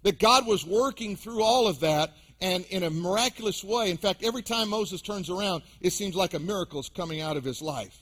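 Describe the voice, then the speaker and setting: Man, pastor, higher-pitched voice, preaching sermon, emphatic rises and drops, addressing congregation. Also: lively intonation, fairly quick, hardly any pauses, fairly bright tone. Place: church sanctuary.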